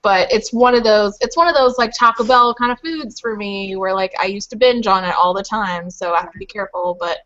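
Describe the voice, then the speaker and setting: A woman's voice: medium pitch, a little fast, few pauses, fairly bright tone, muffled recording. A woman from Louisville chatting casually on a group video call, rambling with lots of fillers. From Louisville, Kentucky. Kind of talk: casual chat.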